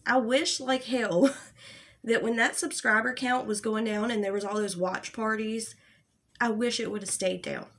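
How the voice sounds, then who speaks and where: A young woman with a fairly high voice rants in an exasperated, sarcastic commentary. She swears freely and sounds fed up. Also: steady tone, measured pace, fairly bright tone. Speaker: commentary YouTuber. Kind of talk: angry commentary rant.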